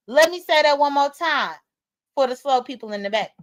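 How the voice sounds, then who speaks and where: Woman livestream host, casual commentary, blunt and profane, slightly high voice. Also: lively intonation, normal speed. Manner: talks straight to viewers as "y'all". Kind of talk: casual live-stream commentary.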